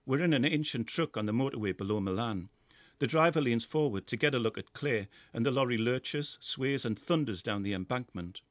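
Measured Geordie man narrating a story. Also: medium pitch, animated, dry recording. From North East England. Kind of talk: scripted first-person narration.

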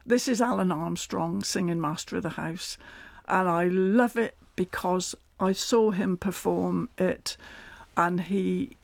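A man's voice: high-pitched, takes it slowly, creaky, no echo. An older man with a West Country accent, chatting as a radio interview guest and laughing often as he tells stories. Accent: West Country English.

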